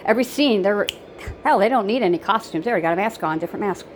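A woman's voice: mid-range voice, lively intonation, very fast, slight background noise, rough recording. A woman giving blunt life advice in a rambling casual monologue, repeating herself and using lots of fillers.

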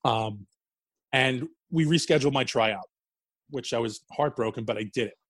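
New guy telling stories, cursing a lot and laughing, mid-pitched, dry close sound. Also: normal speed, a bit bright, slightly rough, no room sound. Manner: swears freely, laughs through stories. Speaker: guest, former wrestler. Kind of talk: casual storytelling interview.

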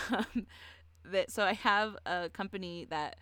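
Young woman, podcast co-host, casual chat, profane, chatty, middle pitch, dry close sound. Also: takes it slowly, sharp tone, no room sound. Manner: chatty, profane storyteller with frequent laughs and filler "like".

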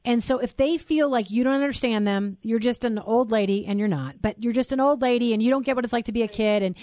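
A woman's voice: fairly high pitch, fast talker, a little mellow, dry recording, clean studio sound. A middle-aged woman hosting a talk show, chatty and affirming. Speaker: host. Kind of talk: casual chat.

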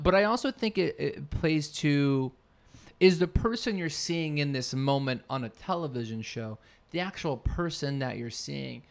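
A man co-hosting a podcast in casual chat, rambling and searching for his words mid-sentence. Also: fairly high pitch. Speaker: podcast co-host.

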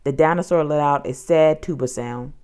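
A woman narrating a children's storybook in an expressive, dramatic way. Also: low-pitched, normal speed, smooth.

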